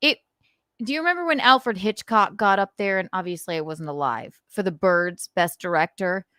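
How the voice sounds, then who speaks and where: A woman hosting a casual live stream, animated and swearing as she acts out scenes. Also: medium pitch, no echo, clean studio sound. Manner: animated, swearing, acting out scenes with quick voices. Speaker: podcast host.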